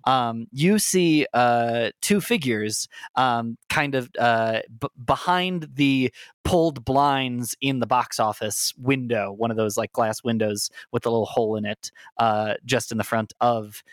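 A man's voice: mid-range voice, a little slow, dry recording, studio quality. A man running a tabletop game, narrating scenes with many ums and a playful edge. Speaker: game master.

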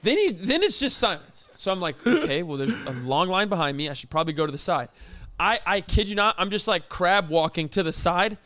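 A man's voice: sits high, very animated, brisk, a bit bright. A man, co-hosting a podcast, telling an indignant story in casual chat and acting out the quotes. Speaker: podcast co-host.

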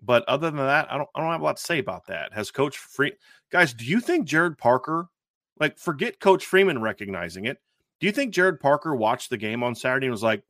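In a brisk, sing-song, medium-pitched voice with a fairly bright tone, a sports podcast host analyzes football questions. The studio recording is clean with no room sound, and he speaks emphatically, often repeating and restarting.

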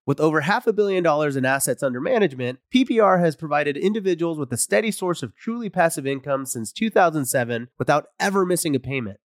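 A man's voice: a little high, lively intonation, quick pace, few pauses, no room sound, clean studio sound. A man hosting a podcast, reading scripted sponsor messages in an upbeat, promotional way. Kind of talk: scripted ad read.

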